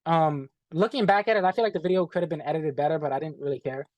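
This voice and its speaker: A man telling a story as an interview guest, animated and profane, acting out what people said and calling the listener "bro". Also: fairly high pitch, fast talker, no room sound. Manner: animated, profane, acts out quoted dialogue, says "bro". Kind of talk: casual storytelling.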